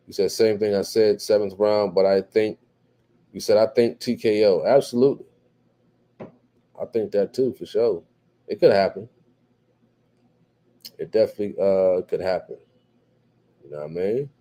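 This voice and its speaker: A man's voice: low voice, dark tone. Tired, laid-back man reading chat. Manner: laid-back, repeats himself, many fillers like "what have you". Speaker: fight commentator reading live chat. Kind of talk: casual livestream commentary.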